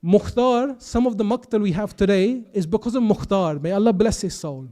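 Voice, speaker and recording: A man's voice: high voice, moderate pace, warm tone. A young man delivering an emotional religious sermon, telling stories with quoted dialogue and rising to impassioned intensity. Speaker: speaker at a youth majlis.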